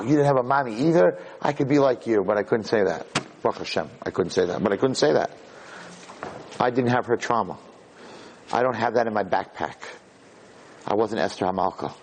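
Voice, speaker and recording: A man giving a sermon as a rabbi, telling a story in a lively way that builds to emphatic points. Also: mid-range voice, husky, rough recording. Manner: animated storytelling, rising to emphatic peaks.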